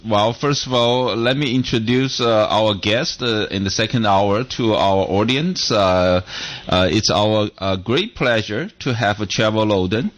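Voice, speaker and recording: Halting male radio co-host. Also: fairly low pitch, a bit bright. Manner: halting, many fillers. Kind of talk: hosted radio talk.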